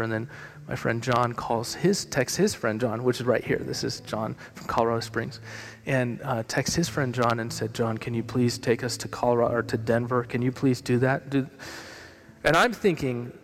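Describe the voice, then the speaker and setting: A man preaching a sermon as a pastor, telling a story with humor and lively delivery in a church hall. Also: mid-range voice, normal speed. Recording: long reverb of a hall.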